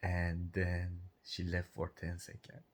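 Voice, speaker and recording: A man's voice: sits low, monotone, slow pace, a little hiss or hum. A man telling a story in a casual chat, chuckling between lines and speaking English with non-native grammar. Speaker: vlogger.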